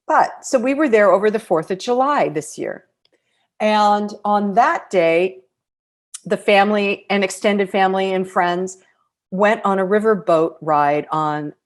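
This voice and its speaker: A middle-aged American woman hosting a podcast, telling a personal travel story in a reflective, emotional way with pauses. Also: medium pitch. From United States. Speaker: podcast host.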